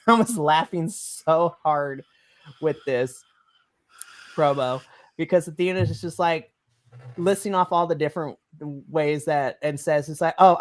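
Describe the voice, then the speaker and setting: An enthusiastic podcast co-host recapping wrestling in a rambling, giggly casual chat on a home stream mic. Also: medium pitch. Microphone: home mic on a live stream.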